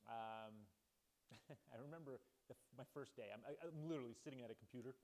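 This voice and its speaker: A man telling his company's story in an easygoing, anecdotal way, his voice sitting at a middle pitch. He drifts through ums and uhs and slips into the voices of the people in his tale. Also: brisk, darkish tone, rough recording. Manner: chatty, anecdotal, acts out quoted dialogue, frequent ums and uhs. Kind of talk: casual storytelling talk.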